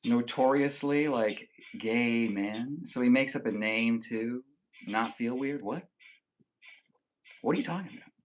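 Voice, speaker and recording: Male streamer, mid-pitched, casual, crude and jokey with his chat. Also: a little slow. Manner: joking, profane banter with viewers; reads viewer comments aloud. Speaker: live streamer.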